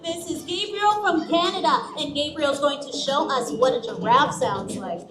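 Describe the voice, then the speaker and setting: A woman's voice: high voice, normal speed, natural voice. A woman playing an eager, bubbly troupe performer who leads the crowd at a live theme park show. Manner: eager, upbeat crowd-leading. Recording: roomy, from far off, with music.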